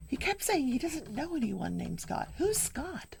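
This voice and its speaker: An older woman hosting a daily crafting show, recapping a trial in casual chat with animated storytelling and hushed asides. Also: sits high, a little slow, creaky, a little hiss or hum. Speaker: daily crafting and true crime show host.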